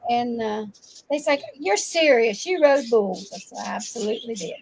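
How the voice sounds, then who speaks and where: An older woman, a grandmother, telling lively farm stories in casual chat and laughing often. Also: on the high side, normal speed, a little hiss or hum, poor audio. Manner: animated storyteller, laughs often. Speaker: guest.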